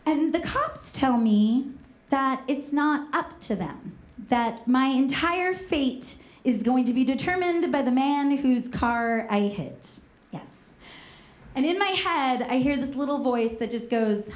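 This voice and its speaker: A woman from Northern California telling a comedic personal story on stage, lively and self-mocking, acting out the voices she quotes. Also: sits high, measured pace, reverberant.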